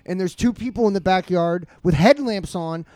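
A man's voice: sits high, moderate pace, darkish tone, no room sound. A man joking and teasing in profane casual chat. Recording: crowd noise behind.

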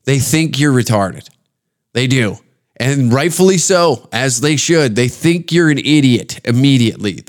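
A man's voice: medium pitch, lively intonation, unhurried. A man from Canada hosting a podcast, ranting in a crude, rambling comedic way and slipping into put-on voices. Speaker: podcast host. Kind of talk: casual comedic rant.

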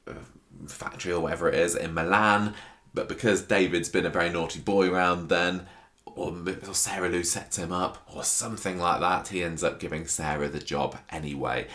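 Podcast co-host: British man, very low voice, rambling chatty delivery. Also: fairly even intonation, a little fast, fairly bright tone. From United Kingdom. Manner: chatty, rambling with restarts and jokes. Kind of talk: casual chat.

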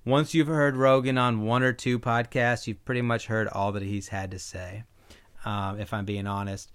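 A man's voice: lowish voice, level tone, moderate pace, a bit bright, clean tone. A man hosting his own podcast in a casual, opinionated solo talk, rambling with frequent ums. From Iowa. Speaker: podcast host.

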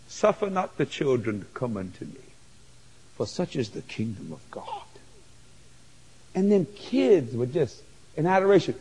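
High, husky male preacher, lively swings, excitable storyteller, big hall with long reverb. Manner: excited storytelling, stammers and exclaims. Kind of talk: sermon testimony.

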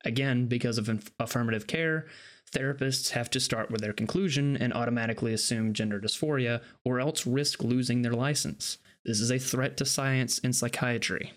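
A man in casual podcast talk, laying out prepared points in a measured way. His pitch sits in the middle range.

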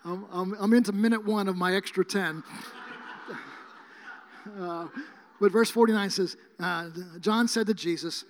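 High-voiced preacher telling rambling stories. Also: male voice, moderate pace. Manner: rambling storytelling, many fillers and restarts; emphatic, rises to near shouting at times. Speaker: guest preacher. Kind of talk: sermon.

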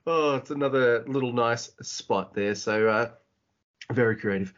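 A man co-hosting a podcast in casual chat, profane and excitable, laughing often, on slightly dull lo-fi audio. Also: medium pitch, measured pace. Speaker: podcast co-host.

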